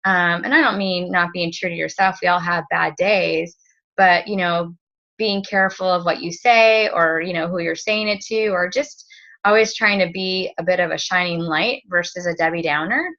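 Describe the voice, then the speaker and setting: Bright-toned woman giving a casual training talk. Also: lowish voice, fairly even intonation, moderate pace. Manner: rambling, lots of fillers and restarts. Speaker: direct-sales team leader. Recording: dull lo-fi recording.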